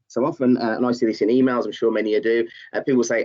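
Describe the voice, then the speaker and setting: A man's voice: medium pitch, fairly even intonation, racing, few pauses, darkish tone. Man, tutor, live online lesson, reads chat replies, um-filled, muffled audio. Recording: slightly dull, muffled audio.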